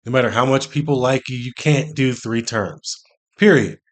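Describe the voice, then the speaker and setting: A man's voice: medium pitch, normal speed. A man hosting a reaction video, talking casually and sounding incredulous. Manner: incredulous and chatty. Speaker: reaction channel host.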